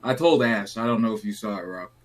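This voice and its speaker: Hosting a casual podcast, a young adult man rambles through a relaxed story and acts out the people in it. He talks fast in a low-leaning voice, with slight background noise.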